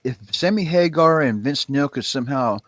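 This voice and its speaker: A man joining in as co-host on a casual stream, laughing and riffing along with the host. His pitch swings widely as he talks, and the sound is dry. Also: lively intonation, moderate pace, fairly bright tone, no room sound. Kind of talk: casual chat.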